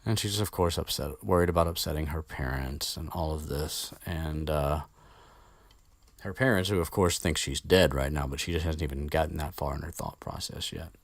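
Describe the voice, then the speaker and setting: A man's voice: extremely low pitch, moderate pace, gravelly, dry recording. A man casually retelling a story as podcast host, rambling with swearing and many fillers, close to the mic.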